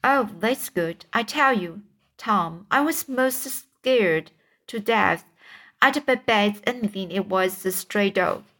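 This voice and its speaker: A woman's voice: medium pitch, lively intonation, slow pace, fairly bright tone, heavily acted. A woman voicing Huck, a timid, superstitious boy whispering in fear in a storybook reading. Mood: fearful. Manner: fearful whispering.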